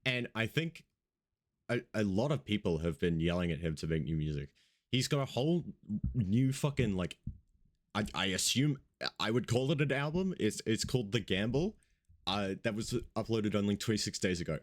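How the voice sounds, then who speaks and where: Casual male radio host, just woken up, rambling and swearing, low-pitched. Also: expressive, moderate pace. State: just woke up, yawning. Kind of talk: casual radio show chat.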